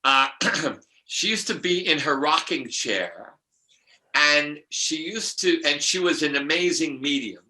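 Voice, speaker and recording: A man's voice: on the high side, lively intonation, slow, bright, forceful tone, low-quality recording. An older man, a numerologist guest, telling rambling spiritual stories with many restarts and laughs.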